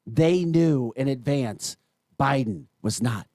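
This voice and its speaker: A man's voice: medium pitch, slow, no room sound, clean studio sound. A man with an American accent hosting a morning talk radio show, ranting in an emphatic, exasperated way. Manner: exasperated, emphatic, animated rants.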